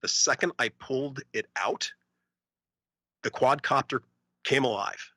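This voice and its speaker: A man co-hosting a podcast, telling a story in a casual, animated way and acting out the voices of other people. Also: medium pitch, measured pace, dry recording. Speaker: podcast co-host.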